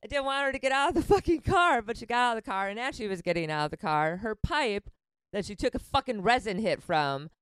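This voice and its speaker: A woman's voice: a little high, animated, fast talker, fairly bright tone, clean tone, no echo. A woman in her late twenties casually telling a story on a podcast, swearing freely, laughing often and acting out the lines of the people in it. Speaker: comedian guest.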